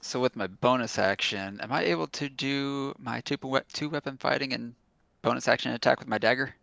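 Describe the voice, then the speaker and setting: A man's voice: mid-range voice, fairly quick, vocal fry, fairly bright tone, dry recording. A man playing a tabletop game, casual, playful and laughing. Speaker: player.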